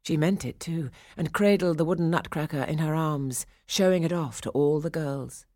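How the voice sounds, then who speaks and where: A woman narrating a storybook in an expressive, measured storytelling manner. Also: low-pitched, no room sound, studio quality.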